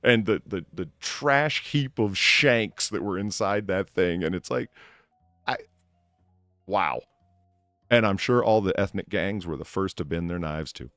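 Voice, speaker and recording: American guy hosting a chat, low voice, jumps around a lot, kinda sarcastic. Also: animated, unhurried, a bit bright, dry recording, faint music behind. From United States. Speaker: podcast host. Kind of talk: casual chat.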